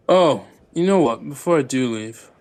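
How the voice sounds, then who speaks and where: A man playing a tabletop game, calmly questioning a prisoner in character. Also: fairly high pitch. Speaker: player.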